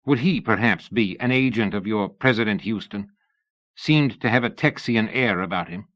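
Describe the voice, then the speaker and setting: A man doing a pompous, irritable old-fashioned gentleman. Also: on the low side, normal speed, no room sound, lo-fi sound, close to an everyday voice. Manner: pompous, huffy. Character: ugly pompous middle-aged man, irritable and sullen.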